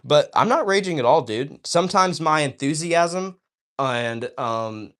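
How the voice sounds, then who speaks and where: A livestream host with a slightly high, bit bright voice and lively intonation talks a little slowly. He reads chat aloud and speaks right to his viewers in an enthusiastic, preachy way, often tossing in "all right?".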